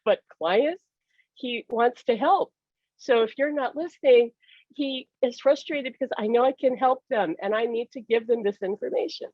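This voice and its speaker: Her pitch runs slightly high and her pace is moderate as this woman, a guest psychic medium, lively recounts her experiences. She laughs frequently and acts out what people said, though the dry recording sounds muffled.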